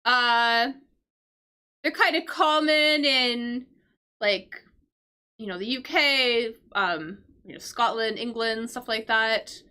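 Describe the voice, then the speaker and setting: A woman's voice: on the high side, takes it slowly, pushed and bright, clean tone. A woman teaching English vocabulary on a live stream, explaining words patiently, checking in with "right?" and answering her chat.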